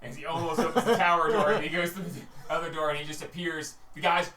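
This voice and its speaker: A man running a tabletop game as game master, narrating lively and acting out characters. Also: on the high side, fast talker. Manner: lively, acts out characters with shouts and laughs. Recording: echoey room, distant mic, faint hiss.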